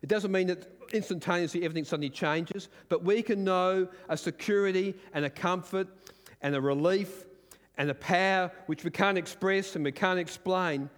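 An older man preaching a sermon as pastor, earnest and building to forceful emphasis. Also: high voice, moderate pace, long reverb tail. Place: church.

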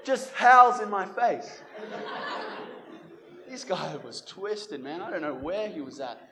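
His voice sits high and gravelly, and he takes a slow pace. A young man and Christian evangelist, he shares his personal faith testimony with animation, acting out the dialogue he quotes.

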